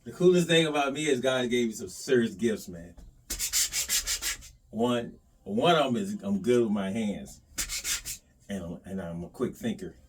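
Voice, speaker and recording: A lively man talks to himself and the camera as he works. His pitch swings all over, he sits back from the mic, and sanding and rubbing noise runs loudly under his voice. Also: normal speed, long pauses, recorded from a distance. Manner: animated, talks to himself and the viewers while sanding. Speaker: bass modder. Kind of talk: casual workshop vlog.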